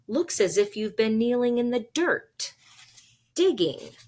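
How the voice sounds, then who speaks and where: A woman's voice: on the high side, big pitch swings, slow, a little mellow, voice pushed up. A woman voicing a cold, threatening adult man holding someone at gunpoint, stretching out his words. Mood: suspicious. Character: menacing adult male gunman.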